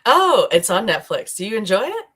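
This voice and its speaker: A woman's voice: medium pitch, very animated, fairly quick, a bit bright, husky. A woman co-hosting a podcast in casual, rambling chat, laughing often as she talks. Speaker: podcast co-host. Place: streaming live.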